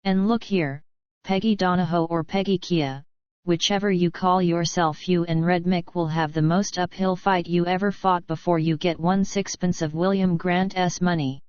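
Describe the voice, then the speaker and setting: A woman voicing a steady young station man who speaks slowly and deliberately. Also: lowish voice, clean tone, no room sound, lo-fi sound, lightly acted. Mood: firm. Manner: slow and deliberate.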